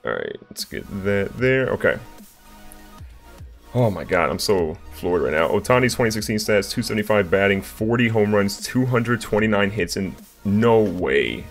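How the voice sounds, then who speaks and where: A young man with a fairly low voice commentates his game live, excitable and quick to shout at big plays. He keeps reading his chat aloud and thanking viewers. Faint music plays underneath. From Virginia. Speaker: streamer.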